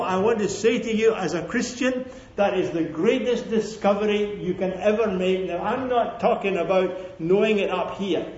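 A man's voice: high-pitched, a little mellow. A man preaching a sermon to a congregation, emphatic and repeating his key phrases, often calling for an amen. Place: church hall with a congregation. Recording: echoey, dull lo-fi sermon recording.

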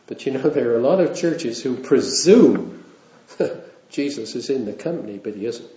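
A man's voice: medium pitch, expressive, moderate pace, dark tone. A man preaching a sermon in a conversational way, with wry asides and small chuckles. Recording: roomy, dull lo-fi sound.

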